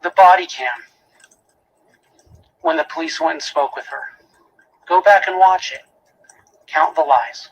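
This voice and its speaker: A man with a husky, slightly higher-pitched voice delivers a prosecutor's closing argument to a jury in a courtroom. He speaks emphatically, hammering home repeated phrases and pointed rhetorical questions. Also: unhurried, long pauses, dull audio.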